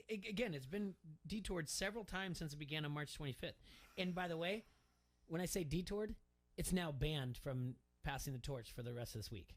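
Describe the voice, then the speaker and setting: A man's voice: fairly high pitch, lively intonation, moderate pace. A man hosting a sports radio talk show, rambling and emphatic as he goes through numbers and repeats his words.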